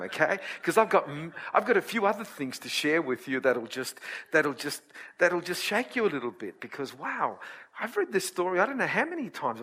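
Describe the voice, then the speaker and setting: A high, bright male voice preaching with animated storytelling. He acts out the voices of the people in the story, then drops low and quiet to explain the scripture. The tone stays bright and forceful. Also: slightly rough. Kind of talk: sermon.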